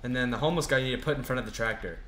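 A man on a headset runs a casual gaming chat, his voice bright and pushing. He directs the group with exasperated bossiness. Faint hiss sits under the talk. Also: mid-range voice, rapid-fire. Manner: bossy, exasperated, directing the others. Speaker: channel host directing a game video.

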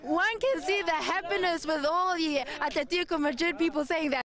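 Female pitchside reporter, chatty and cheerful, high voice. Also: moderate pace, crowd noise. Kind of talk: sports broadcast presenting.

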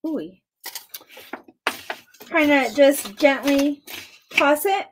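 A bubbly woman chats casually as she mixes a drink on a live stream. Her voice sits high and light. She giggles often and keeps the talk easy. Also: lively intonation, normal speed, background noise. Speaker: co-host making cocktails.

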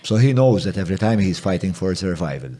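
Low, mellow-voiced podcast host. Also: male voice, lively intonation, fast. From Malta. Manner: reflective, thinks aloud with fillers. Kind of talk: casual interview conversation.

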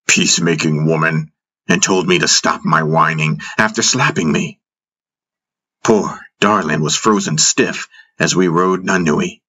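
A man narrating a fantasy audiobook in the first person, in a measured storytelling manner. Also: low voice, pushed and bright.

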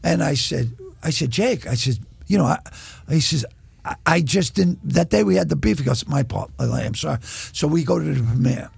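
Boston comic in his 60s, super raspy husky voice, swears a lot, acts out every quote, dry close sound. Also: on the high side, moderate pace, no room sound. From Boston area. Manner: profane, animated anecdote-teller who acts out quotes. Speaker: guest comedian. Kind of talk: casual storytelling interview.

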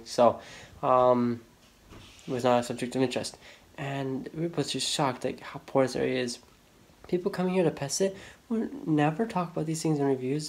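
A man's voice: medium pitch, creaky, a little mellow, rough recording. A man talking casually into his phone for a vlog, rambling and complaining, with many fillers. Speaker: vlogger. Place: rented house and nearby streets. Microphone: phone held by the speaker.

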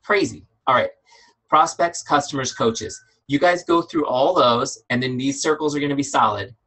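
A man's voice: medium pitch, a bit bright, husky, low-quality recording. A middle-aged man leading a business training webinar, emphatic and fired up, repeating his key points. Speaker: business coach.

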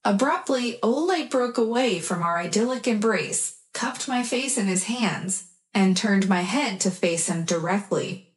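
Slow, soft-spoken woman narrating a romance. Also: medium pitch, lively intonation. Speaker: story narrator. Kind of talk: scripted narration of a romance story for English learners.

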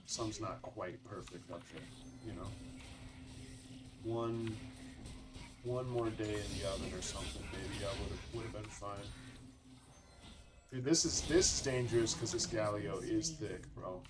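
A man's voice: fairly low pitch, unhurried, long pauses, music in the background. Laid-back man commenting on his gameplay. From Colorado, United States. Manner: casual, laid-back, says "dude" and "bro" a lot. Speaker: gaming channel host.

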